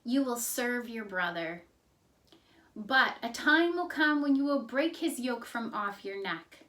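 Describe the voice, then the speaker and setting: A solemn old blind patriarch, voiced by a woman teacher speaks slowly and gravely. His pitch sits a little high. He weighs each word of his blessing. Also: lively intonation, sharp tone, far from the mic, exaggerated voice. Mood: distressed. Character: aging blind father patriarch, solemn and shaken.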